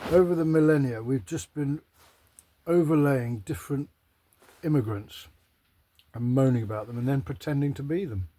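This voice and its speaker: A man's voice: mid-range voice, dark tone. A man rambling to camera in a casual, sweary, self-mocking monologue. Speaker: vlogger.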